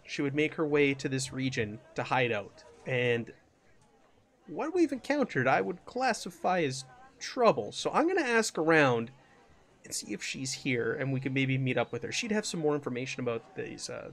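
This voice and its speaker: A man's voice: medium pitch, very animated, moderate pace, creaky, pitched below the performer's own voice. Man doing an earnest explorer companion.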